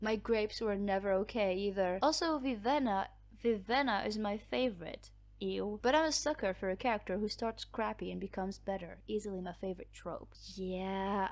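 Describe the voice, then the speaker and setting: A woman's voice: medium pitch, normal speed. A woman hosting a book channel, chatting casually as she reads out viewer comments. She laughs often, mocks herself, and her voice is cracking.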